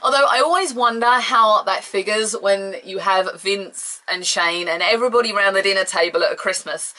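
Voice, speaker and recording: Bright-voiced gushing woman reviewer. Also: medium pitch. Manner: gushing, rambling, self-apologetic fan. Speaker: wrestling show reviewer. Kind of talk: casual spoken review.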